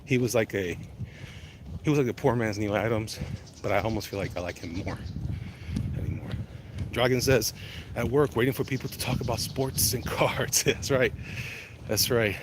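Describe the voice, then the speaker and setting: Man, middle pitch, casual rambling walk-and-talk streamer answering chat; clear traffic noise behind. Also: moderate pace, long pauses. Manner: rambling, chatty, reads out viewer comments. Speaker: vlogger answering live chat. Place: outdoors walking in the cold.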